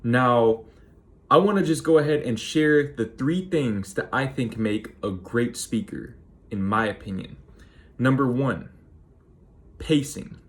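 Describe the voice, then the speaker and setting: Calm, deliberate man giving speaking advice. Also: medium pitch. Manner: measured, deliberate delivery, slowing right down on key words. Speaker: speaking coach YouTuber. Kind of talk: direct-to-camera advice monologue.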